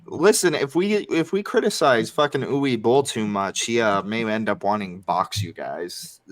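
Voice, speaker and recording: A man co-hosting a casual movie podcast, telling stories in an animated way with frequent swearing. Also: lowish voice, normal speed. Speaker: podcast co-host.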